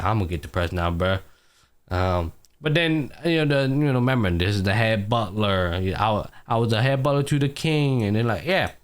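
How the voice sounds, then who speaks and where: A young man co-hosting a podcast, casually recapping an anime and acting out the characters' lines with plenty of slang and swearing. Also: mid-range voice. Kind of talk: casual chat.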